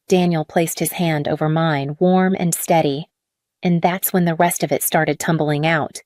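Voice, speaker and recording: A woman reading a scripted first-person drama story in a measured, even way. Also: low-pitched, no room sound, studio quality. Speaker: story narrator.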